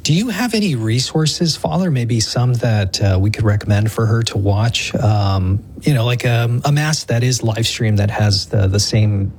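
A man's voice: mid-range voice, normal speed, hardly any pauses, darkish tone, slightly rough. A man hosting a religious call-in radio show, introducing callers and chatting with the guest. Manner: friendly, conversational. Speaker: radio host.

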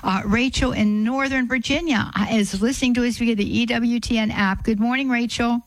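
A woman's voice: a little high, fairly even intonation, brisk, no room sound, poor audio. Earnest woman radio host praying. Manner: earnest, repetitive prayerful phrasing. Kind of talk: spoken prayer and call-in radio talk.

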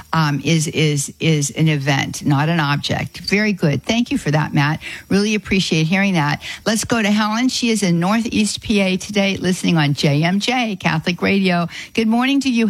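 A woman hosting a Catholic call-in radio show, folksy and quick to exclaim in sympathy. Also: fairly low pitch, no room sound, low-quality recording. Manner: warm-hearted, folksy, exclaims often. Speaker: radio host. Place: radio studio.

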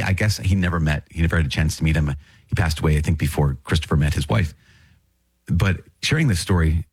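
A deep, slightly husky man teaches the catechism on his podcast, reading a passage and then unpacking it in an earnest, conversational way. He circles back and repeats key phrases for emphasis. His voice sits close and dry, with no room around it. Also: no echo. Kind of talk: casual teaching with read passages.

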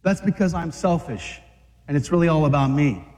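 A man preaching a fiery sermon to men, dramatic, acting out scenes and shouting at the peaks. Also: a little high, lively intonation, normal speed, big-room sound.

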